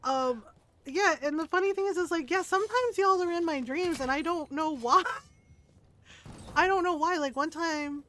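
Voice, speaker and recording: A woman with a high, bright-pitched voice talks casually to her stream viewers. She tells a story in an animated way, with frequent laughter and the odd curse word. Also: moderate pace. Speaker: game streamer.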